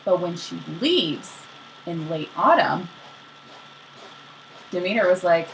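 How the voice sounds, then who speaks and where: A young woman casually retelling myths as a podcast co-host, slangy and animated, acting out the characters. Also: on the low side, takes it slowly, long pauses, a little hiss or hum, low-quality recording.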